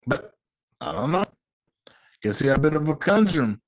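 A man's voice: on the high side, sing-song, normal speed. Slangy man ranting on his podcast. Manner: slangy, profane, heated opinions. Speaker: podcast host. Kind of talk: casual solo podcast rant.

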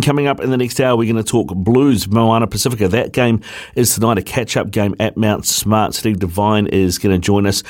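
A man's voice: on the low side, a little mellow. A man with a New Zealand accent filling in as host on a sports radio show, chatting casually and reading out listener texts.

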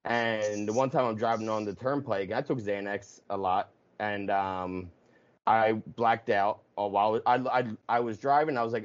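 A man hosting a casual conversation, telling stories in an animated way with swearing and laughs. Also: on the low side, moderate pace, muffled recording. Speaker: podcast host.

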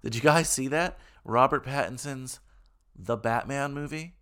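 A man's voice: medium pitch, measured pace, fairly bright tone, clear, resonant tone. A man co-hosting a podcast, chatting casually in a playful, joking way. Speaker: podcast co-host. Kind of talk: casual chat.

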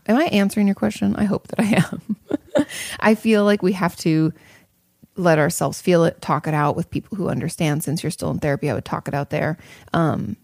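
Woman, thirties, therapist, chatty and reassuring, gravelly low voice, dry close sound. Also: darkish tone, no room sound. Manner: chatty, reassuring, many fillers and restarts. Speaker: therapist answering audience questions. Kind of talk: casual advice talk.

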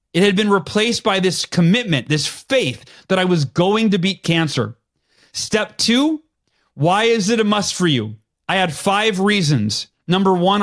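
A man with a notably high-pitched voice tells his personal story as an interview guest. He speaks earnestly, with firm conviction, and clears his throat now and then. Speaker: podcast guest.

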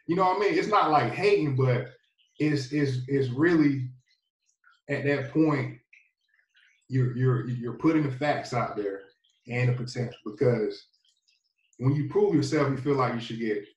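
This man's voice is medium-pitched and a little slow. A North Carolina native who plays pro football, he casually recounts his story as a guest, wandering off with lots of fillers, captured in a roomy space far from the mic.

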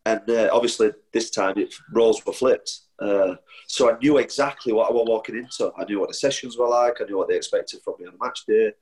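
A man's voice: lowish voice, brisk, a little mellow, low-quality recording. A man with a Northern English accent, a footballer guest telling anecdotes in casual chat, often restarting and laughing. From Sheffield, England. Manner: chatty storyteller with frequent restarts and laughter.

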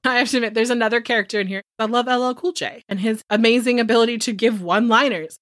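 A young woman chats through a movie recap with animated, swearing energy and snaps into quick character voices. Her tone is bright and forceful. The sound is dry and close, with no room around it. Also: a little high, dry recording. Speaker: podcast co-host.

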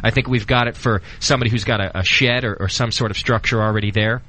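Bright-voiced man hosting a radio show. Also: on the low side, steady tone, fast, slight background noise. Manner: loose and joking, many ums and uhs. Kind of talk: casual radio talk show. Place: studio.

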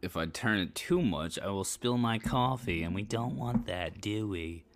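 A man's voice: lowish voice, unhurried. A tired man talking casually on his solo podcast, rambling loosely and swearing now and then. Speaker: podcast host.

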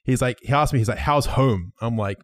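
A man's voice: medium pitch, a little fast, dry recording. A young man hosts a loose podcast among friends, swearing freely and laughing through his stories. The recording is dry and close, with no room sound. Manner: swears a lot, laughs while telling stories. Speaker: podcast host. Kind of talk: casual podcast chat with friends.

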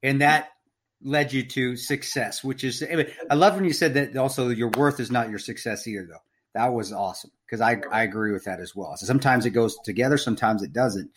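A man's voice: medium pitch, fairly quick. A man hosting an interview podcast, chatting casually and enthusiastically and laughing often. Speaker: podcast host.

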